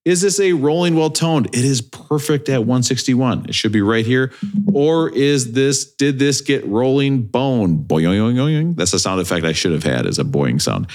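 A man's voice: medium pitch, normal speed. A man hosting a casual podcast, joking and playing with words as he talks. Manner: animated, jokey, playful wordplay. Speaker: podcast host.

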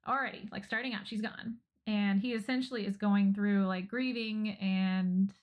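A woman co-hosting a casual podcast recaps a show in an animated way and keeps breaking into laughter. Her voice sits fairly high. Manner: animated storytelling with frequent laughter. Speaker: podcast co-host. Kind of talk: casual chat.

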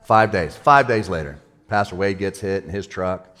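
A male pastor giving a sermon in a casual, excitable way, with everyday slang. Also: low voice, moderate pace.

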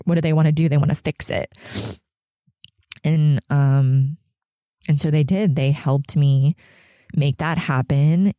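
Brief: woman in her 30s, podcast host, tearful and candid, mellow voice, dry close sound. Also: low voice, no echo. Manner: halting, emotional, frequent fillers and laughs. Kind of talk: candid solo podcast confession.

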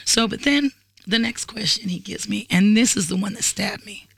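A woman in her forties tells a story in a bright, gravelly voice. She talks casually with lots of swearing and acts out the lines of other people. The sound is dry and close. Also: medium pitch, moderate pace, dry recording. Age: 40s. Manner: animated, profane, acts out quotes. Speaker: guest.

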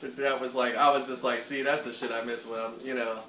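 Chill guy on a home podcast, average pitch, echoey room, a bit off mic. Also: little pitch movement, a little fast, bright, forceful tone, distant mic, a little hiss or hum. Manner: easygoing, laid-back, corrects details. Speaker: podcast co-host. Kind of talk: casual chat.

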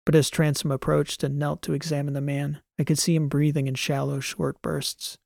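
A man reading a science fiction story as an audiobook narrator, in a measured, even way. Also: on the high side, creaky, no echo, clean studio sound. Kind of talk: scripted narration.

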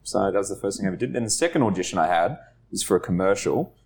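A man's voice: sits low, expressive, very fast, a little mellow, a little hiss or hum. A man telling stories in casual podcast chat, laughing at himself and swearing casually. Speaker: podcast co-host. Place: studio.

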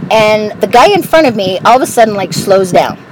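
Woman, casual driving monologue, blunt and profane, loud car noise behind. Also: medium pitch, lively intonation, brisk, poor audio. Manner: candid, profane storytelling. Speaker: vlogger. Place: inside a car on the road.

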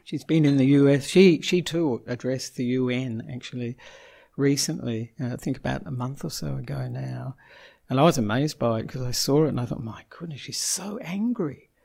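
A man's voice: mid-range voice, steady tone, moderate pace, gravelly, a little mellow. A man, a Buddhist monk, giving an informal Dhamma talk, chatting with the audience, asking them questions and chuckling often. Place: Melbourne.

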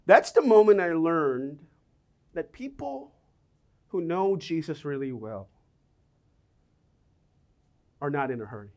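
A middle-aged man preaching a sermon, telling personal stories with lively, animated delivery and voicing the people in them. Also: fairly high pitch, unhurried, pauses often. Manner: animated storytelling, acts out quoted voices.

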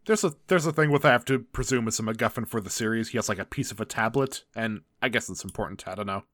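A man's voice: fairly low pitch, fast talker, a bit bright, no room sound, clean studio sound. Laughing, loose-talking young man. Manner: laughs often, restarts mid-sentence. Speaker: podcast co-host. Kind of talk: casual recap chat.

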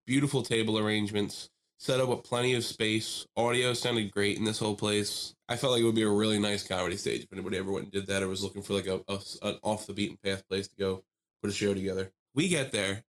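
Animated male podcast storyteller. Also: lowish voice, fast. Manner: animated storyteller, acts out voices, laughs often. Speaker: podcast co-host. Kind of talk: casual storytelling chat.

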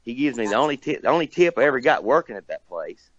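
A man's voice: mid-range voice, big pitch swings, quick pace, no room sound, lo-fi sound. A man from near Nashville, casually telling a rambling story as a guest, cussing and laughing often. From Tennessee, near Nashville.

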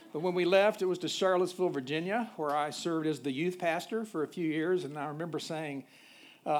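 Pastor with a high, halting voice. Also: male voice, darkish tone. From Nashville, USA. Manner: halting, with frequent fillers and restarts. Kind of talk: sermon.

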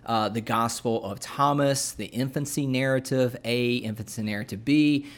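Guy talking it through casually, lots of ums and restarts, middle pitch. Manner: unhurried, with many fillers and restarts. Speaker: podcast co-host explaining scripture. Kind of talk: casual explanatory chat.

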